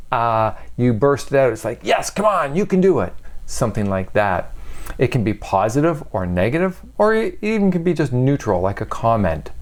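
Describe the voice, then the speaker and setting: An earnest man speaks at an ordinary, mid-range pitch as he delivers a self-help talk. He leans on key words with emphasis and keeps asking the listener rhetorical questions. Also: darkish tone. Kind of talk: motivational talk.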